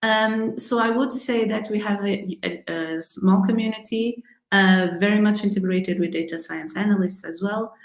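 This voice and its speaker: A woman's voice: mid-range voice, moderate pace, echoey room, poor audio. A woman answering interview questions in a hesitant way, with many fillers and restarts. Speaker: speaker being interviewed.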